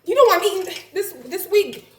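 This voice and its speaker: A woman vlogging casually while cooking, nervous and excitable, gasping and saying "oh gosh" often. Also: extremely high pitch, fairly quick. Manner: chatty, nervous and excitable, lots of gasps and "oh gosh". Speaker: health and life coach, vlogger. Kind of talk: casual home cooking vlog. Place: home kitchen. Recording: echoey kitchen with faint frying noise.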